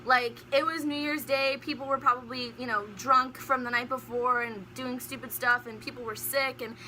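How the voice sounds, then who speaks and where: A young woman telling a personal story in a storytime vlog, animated and often laughing. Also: high-pitched, moderate pace, slight background noise. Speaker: vlogger.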